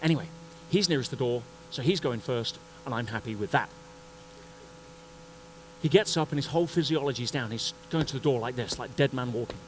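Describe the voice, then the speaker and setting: A man giving a motivational talk at a conference, telling a story in an animated way and acting out the scenes. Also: mid-range voice, brisk, a little hiss or hum, low-quality recording. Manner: animated, acts out scenes and voices. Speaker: conference speaker. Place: conference stage before an audience.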